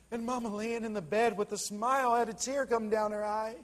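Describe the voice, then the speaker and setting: A male pastor preaching with fervor, his voice sitting fairly high and moving from hushed lines to loud ones as he tells a story. Each line hangs in a long church-hall reverb. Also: fairly even intonation, brisk, hardly any pauses. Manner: impassioned, swinging from hushed to loud. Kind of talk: sermon storytelling.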